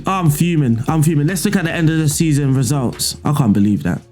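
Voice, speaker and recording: Man, gameplay commentator, higher-pitched, excitable, faint music bed. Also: fairly quick. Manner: excitable, shouts at misses, swears mildly. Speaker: video game streamer. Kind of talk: gameplay commentary and tactics breakdown.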